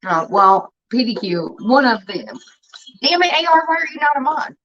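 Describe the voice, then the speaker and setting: Woman streamer, higher voice, blunt and profane, chatty with her audience; muffled lo-fi stream sound. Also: sing-song, moderate pace, fairly bright tone. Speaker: livestreamer talking to chat. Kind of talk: casual livestream chat.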